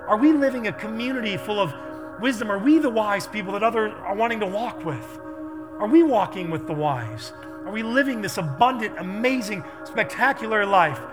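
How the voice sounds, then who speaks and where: A man preaching a sermon as pastor, telling stories in an animated way that builds to loud intensity. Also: sits high.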